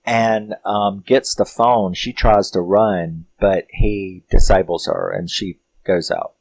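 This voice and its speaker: Deep-voiced man rambling through a recap. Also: steady tone, slow, darkish tone. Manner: rambling, loose, with frequent "you know" fillers; laughs often while retelling. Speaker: film reviewer. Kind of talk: casual film recap.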